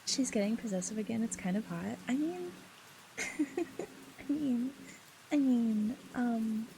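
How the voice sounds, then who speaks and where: A woman's voice: on the high side, slow pace, low-quality recording. A woman chatting casually with her livestream audience, teasing and giggling often in flirty, mock-possessive banter. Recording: steady background noise.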